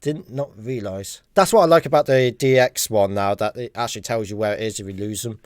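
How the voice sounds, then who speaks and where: A man hosting a casual gaming livestream, chatty and quick to laugh. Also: dry recording, studio quality. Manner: chatty, laughs often, lively pitch. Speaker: livestream host. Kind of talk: casual gaming stream chat.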